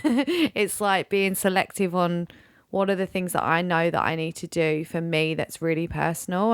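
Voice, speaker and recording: A woman's voice: fairly low pitch, dry recording, studio quality. A woman hosting an interview podcast, asking probing, personal questions with light laughter. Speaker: podcast host.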